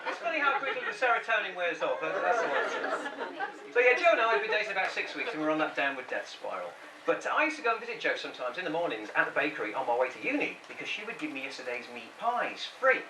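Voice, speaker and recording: A man's voice: fairly high pitch, sing-song, fast talker, background noise. A man doing a stand-up comedy set, chatting with the crowd and putting on the voices of the people in his story. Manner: chatty, quips with the crowd, mimics people he quotes. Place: comedy club stage with a laughing audience. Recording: roomy live club sound from a distance.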